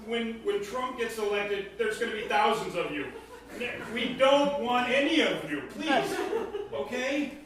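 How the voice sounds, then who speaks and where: A man's voice: extremely high pitch, animated, measured pace, a bit bright, exaggerated voice. A man in an improv scene, playing a blunt reporter firing questions at a press conference. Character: pushy reporter in a press crowd. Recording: far off in an echoey room.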